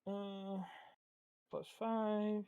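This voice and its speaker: A man playing a tabletop game, excitable, laughing often and swearing casually. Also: high-pitched, very slow, clean tone, no room sound, phone-quality sound. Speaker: player.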